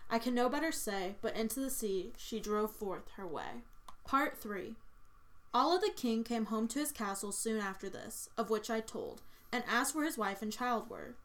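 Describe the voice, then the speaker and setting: A woman narrating a medieval tale in an audiobook, telling the story in a measured, expressive way. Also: on the high side.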